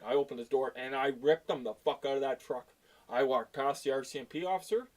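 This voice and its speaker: Middle-aged canadian tow guy ranting about a job, swears a lot, blunt and fed up, medium pitch voice. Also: fairly quick. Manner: blunt, profane, exasperated. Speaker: tow truck driver. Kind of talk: casual storytelling rant.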